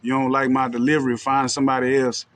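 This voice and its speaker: A man's voice: mid-range voice, completely flat delivery, quick pace, fairly bright tone. A man from Texas with a country twang, talking casually and directly to his livestream viewers, with loose, street-casual phrasing. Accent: Texan. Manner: loose, street-casual and direct, with frequent "you know what I'm saying". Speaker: livestream host.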